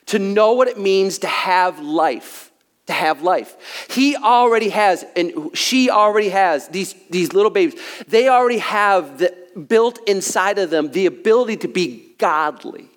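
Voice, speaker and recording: A man's voice: sits high, animated, a little slow. A man preaching a sermon as a pastor, emphatic and repetitive, sometimes joking at his own expense, out of breath. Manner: emphatic preaching with repeated phrases and self-deprecating asides. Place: church sanctuary. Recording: long hall reverb.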